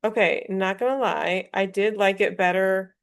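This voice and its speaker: A woman thinking aloud as she drafts a poem, muttering and trying lines out loud. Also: medium pitch, moderate pace, creaky. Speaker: writer and illustrator.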